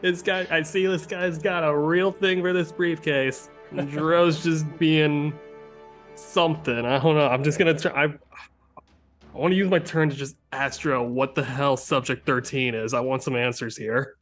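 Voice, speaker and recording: A man plays a tabletop game, talking in a casual, bemused way. His voice sits a little high. Faint music plays behind him. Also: steady tone, moderate pace, a bit bright. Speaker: player.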